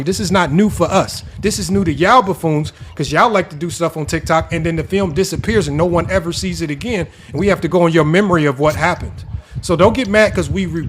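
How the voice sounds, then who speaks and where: A man on a sports talk panel pushes his point with indignant, rapid repetition. His voice sits fairly high. A light hiss of background noise runs under the recording. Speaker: podcast co-host. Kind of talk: heated panel debate talk.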